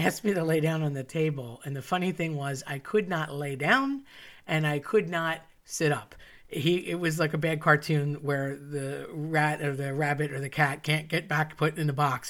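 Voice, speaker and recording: A woman telling a personal story with wry, self-mocking asides. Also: low-pitched. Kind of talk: personal story told to an audience.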